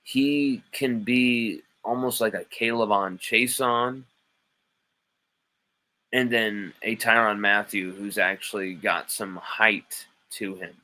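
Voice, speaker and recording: Bright-voiced man hosting a sports live stream. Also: fairly low pitch, takes it slowly, poor audio. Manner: animated, playfully mock-indignant, rambling. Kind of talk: live-stream sports talk reading chat.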